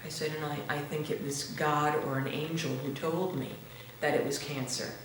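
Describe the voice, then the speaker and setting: A woman giving a halting, earnest personal testimony in a church interview, often restarting her words. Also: deep voice, flat delivery. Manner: slow and earnest, turning tearful when moved. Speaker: interview guest. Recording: very echoey room with faint noise.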